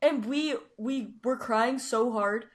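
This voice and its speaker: A woman's voice: on the high side, slow pace. A young woman co-hosting a podcast in casual chat, gushing and filling her talk with "like". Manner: gushing, heavy use of "like". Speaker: podcast co-host.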